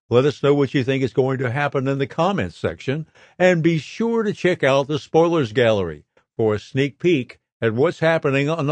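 A man reading entertainment news from a script at a steady pace, giving quoted lines a little lift. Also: a little high, dry recording. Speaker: soap news reader.

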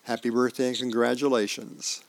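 A man, a volunteer reader, reading newspaper comics and birthdays aloud in a relaxed, homey way with small asides. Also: medium pitch, normal speed, creaky, no echo.

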